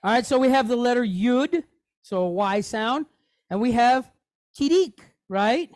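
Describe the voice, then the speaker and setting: A man teaching a Hebrew lesson in a relaxed, conversational way, often checking in with his listeners. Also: very high voice, unhurried, no room sound, studio quality. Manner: conversational, checks in often with "okay?" and "you know". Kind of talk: casual teaching, explaining on screen.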